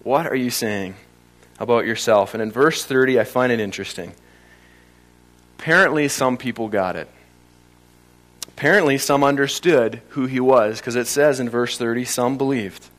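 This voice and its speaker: A man preaching a sermon, stressing key phrases and slowing down to drive points home. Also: medium pitch, fairly bright tone. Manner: emphatic, varies pace for stress, slows on key phrases.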